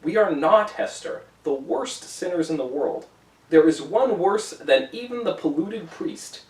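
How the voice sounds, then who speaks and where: A man's voice: a little high, lively intonation, unhurried, recorded from a distance. A man voicing a guilt-stricken, despairing minister who speaks in a solemn, old-fashioned way. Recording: roomy echo, away from the mic.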